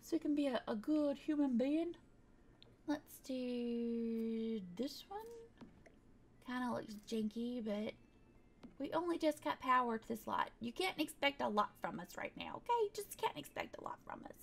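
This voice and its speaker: A woman's voice: a little high, animated, unhurried, creaky. A woman giving casual, chatty commentary while she plays a building game, thinking aloud and tossing in playful sound words. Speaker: gaming video creator.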